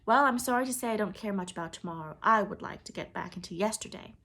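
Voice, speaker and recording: A woman reading the lines of a quiet, tender middle-aged father who speaks gently in few words. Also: medium pitch, fast. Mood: gentle.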